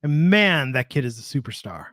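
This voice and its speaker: A man's voice: medium pitch, sing-song, normal speed, a bit bright, no echo, studio quality. A man co-hosting a podcast in casual chat, upbeat and moving the conversation from one topic to the next. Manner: upbeat, steering the rundown. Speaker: podcast co-host.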